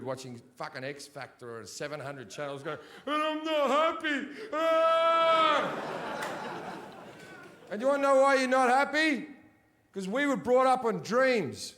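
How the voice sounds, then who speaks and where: High-voiced ranting male stand-up comic. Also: very animated, moderate pace, slight background noise. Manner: profane, ranting delivery that often rises to shouting. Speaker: stand-up comedian. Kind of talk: stand-up comedy set. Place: large sold-out theatre.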